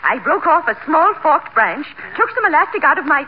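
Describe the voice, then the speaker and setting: An actress playing a prim, haughty society matron with a refined, unflappable manner, in a radio comedy. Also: female voice, high-pitched, sing-song, normal speed. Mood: genteel. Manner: refined, genteel, unflappable delivery. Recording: muffled old radio broadcast with hiss.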